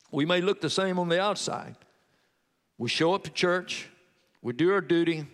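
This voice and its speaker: Male preacher, high tenor, telling a testimony then exhorting; long hall reverb. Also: normal speed, pauses often. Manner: storytelling, quoting a convert's testimony. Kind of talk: sermon.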